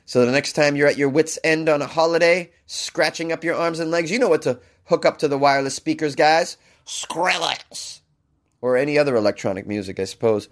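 A man talking over a science story in a loose, comedic way, tossing in sarcastic side remarks. His voice sits in a middle pitch, and his talk stays casual and off the cuff. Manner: jokey, sarcastic asides, mock-crooning bits. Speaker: commentator reading a news story.

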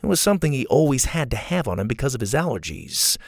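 A man reading a scripted children's adventure story as the show's storyteller, in an even, measured way. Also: mid-range voice, creaky, no echo, clean studio sound.

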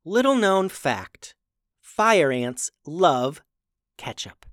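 A storyteller voicing a calm young ninja sister who speaks dryly and deadpan. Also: measured pace, no room sound, close to an everyday voice. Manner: dry, low and deadpan.

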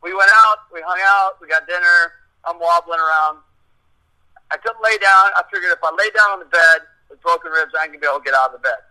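A middle-aged man with a high, piercingly bright voice tells a long story in casual chat. He rambles, swears freely and acts out the lines of the people in it. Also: fast talker, rough recording. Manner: profane, rambling, acts out quotes. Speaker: guest telling a story.

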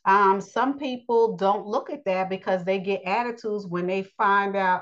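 A woman giving a blunt, preachy spoken lesson on relationships, pausing often with fillers. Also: mid-range voice, dull audio. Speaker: teacher of a daily lesson.

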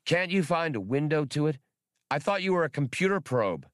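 A man voicing a squeaky, fussy male alien skip tracer in an audiobook reading. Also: big pitch swings, normal speed, no room sound, studio quality. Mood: insistent. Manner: fussy and impatient. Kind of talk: audiobook character voice.

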